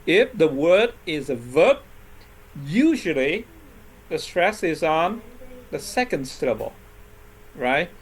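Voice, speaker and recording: A man's voice: on the high side, very animated, takes it slowly, long pauses, slight background noise. A man teaching an English lesson on word stress, patiently checking in with his class after each point. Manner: patient, constantly checks in with "right?" and "okay?".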